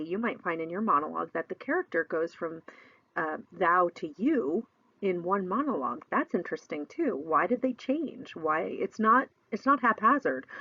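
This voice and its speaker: A woman's voice: on the low side, dry recording, highs cut off. A middle-aged woman teaching a recorded lesson, explaining in a chatty way with lots of fillers.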